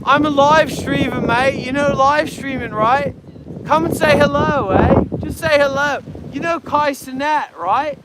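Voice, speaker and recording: A man's voice: extremely high pitch, unhurried, voice pushed up. A man putting on a mock-Australian accent as a brash, chummy live streamer, outdoors. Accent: put-on Australian. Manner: loud, chummy, calls everyone mate. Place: outdoors on a street. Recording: loud wind noise outdoors.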